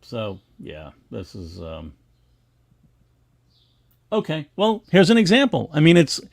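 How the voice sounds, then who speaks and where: A middle-aged man with a gravelly voice that rises and falls freely. He chats casually about comic pages, restarting sentences and laughing often. The sound is dry and close. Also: fairly high pitch, wildly swooping pitch, slow pace, dry recording. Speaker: co-host of a comics history show. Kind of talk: casual livestream chat about comic art.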